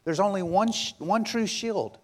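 A male pastor preaching a sermon, emphatic and repetitive, firing rhetorical questions and swinging between loud passages and hushed ones. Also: sits high, normal speed.

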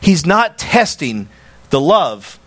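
A man preaching a sermon as a pastor, animated and emphatic, acting out quoted dialogue. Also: fairly high pitch, takes it slowly.

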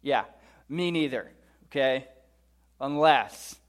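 A male pastor preaching a sermon, with a fairly high voice. He reads scripture and then tells a lively, joking story. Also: measured pace. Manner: animated, humorous storytelling.

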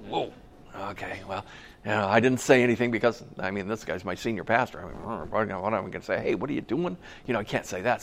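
A middle-aged man, a pastor, preaching a conversational sermon, telling personal stories and asking the audience questions. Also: mid-range voice.

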